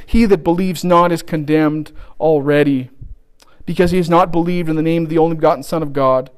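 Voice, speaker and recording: A man's voice: high voice, a little mellow, clear, resonant tone. A man preaching a sermon, earnest and pleading as he urges his listeners.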